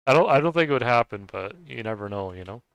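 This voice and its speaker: A man's voice: mid-range voice, animated, fast, vocal fry, fairly bright tone, clear, resonant tone, no echo, muffled recording. A man streaming a game and chatting casually with viewers, rambling and hesitant with lots of fillers and restarts, chuckling often. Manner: chuckles often while talking. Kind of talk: casual chat while playing.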